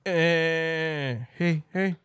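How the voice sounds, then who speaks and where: A man's voice: a little high, fairly even intonation, very slow, a bit bright, clean tone, dry recording, clean studio sound. A young man in casual chat, swearing freely and joking while eating.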